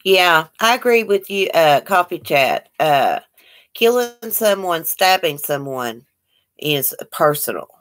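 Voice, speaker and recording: A woman with a lowish, fairly bright voice is very animated but takes things slowly while hosting a casual livestream. She greets viewers by name and chats about the comments they leave.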